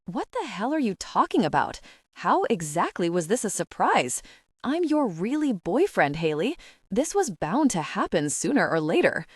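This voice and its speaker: Jason, a cocky young boyfriend who barks demands and then softens, voiced by a woman narrator. The pitch moves widely, and the recording is dry. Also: very animated, normal speed, husky, dry recording. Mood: angry. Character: cocky young man, angry then sorry.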